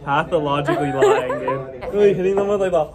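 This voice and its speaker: A man's voice: on the high side, fairly quick. A teenage guy friend teasing and joking in casual banter. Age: teens. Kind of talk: casual chat. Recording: loud crowd noise behind.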